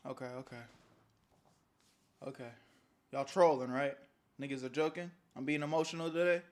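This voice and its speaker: A young man hosting a casual livestream, bantering loosely with his chat and swinging between loud calls and mumbled asides. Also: fairly high pitch, fairly quick. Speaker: streamer.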